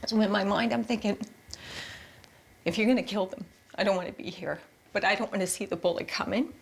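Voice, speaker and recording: Gravelly-voiced woman recounting a trauma. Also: medium pitch, steady tone. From Canada. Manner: halting, repeats words, quotes her own thoughts. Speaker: interviewee recounting her experience. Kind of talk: emotional interview testimony.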